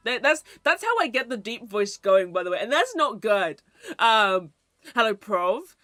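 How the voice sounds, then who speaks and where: A woman's voice: medium pitch, big pitch swings, normal speed, bright, forceful tone, no room sound, soft background music. A woman livestreaming and chatting casually with her viewers, playful and teasing, cursing freely and slipping into mock-archaic theatrical bits.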